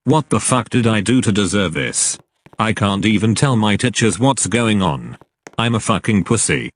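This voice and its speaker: A man's voice: fairly low pitch, dry recording. Man ranting profanely through a storytime. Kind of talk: storytime narration.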